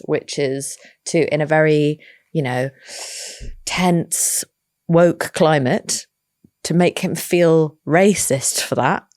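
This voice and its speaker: A woman with a low, deep voice tells a story in an interview. She swears casually, acts out what others said, and sounds lively. The sound is dry and close. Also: no room sound. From England. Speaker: actress guest. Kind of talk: animated anecdote in interview.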